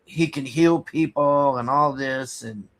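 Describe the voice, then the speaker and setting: A man casually recapping a movie plot, rambling and halting with many restarts, sighing in exasperation. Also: medium pitch. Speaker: movie reviewer.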